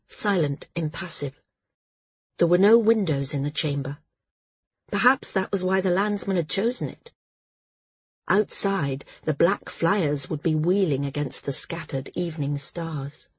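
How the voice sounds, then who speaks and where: Breathy low-voiced woman narrator. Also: darkish tone, dry recording, muffled recording. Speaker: audiobook narrator. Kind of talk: scripted narration.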